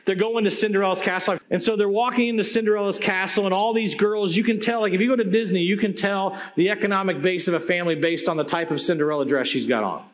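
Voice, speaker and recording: Man, preacher, sermon, high-pitched voice, animated storytelling, conversational asides. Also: fast, hardly any pauses. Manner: animated storytelling, swings between loud and hushed.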